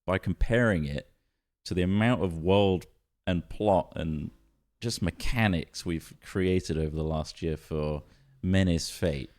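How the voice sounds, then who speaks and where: A man co-hosting a podcast, talking in a thoughtful, measured casual way. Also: sits low, a little mellow. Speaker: podcast co-host. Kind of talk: casual chat.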